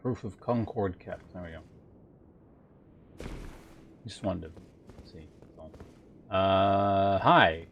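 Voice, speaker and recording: A man's voice: sits low, very slow, long pauses, muffled recording, a little hiss or hum. A young male streamer giving casual, filler-heavy commentary and muttering to himself as he plays.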